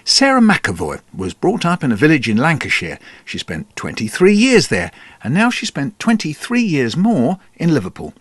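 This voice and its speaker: A man conducting a radio feature interview, asking measured, inquisitive questions. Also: a little high, huge pitch swings, a bit bright, slightly rough.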